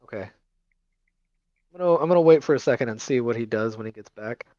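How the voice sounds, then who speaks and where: A man's voice: medium pitch, lively intonation, quick pace, darkish tone, no echo. Wry male player, dull dry mic. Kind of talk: tabletop game play.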